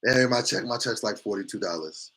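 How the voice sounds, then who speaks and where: Male morning-show host, crisp bright tone, animated casual storyteller who acts out quotes. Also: lowish voice, fast.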